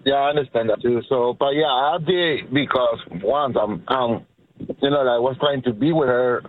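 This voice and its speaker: A male caller with a Spanish accent, speaking at a middle pitch in an easygoing, hesitant way. His voice comes through a tinny phone line. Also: normal speed, a little hiss or hum. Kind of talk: call-in radio chat.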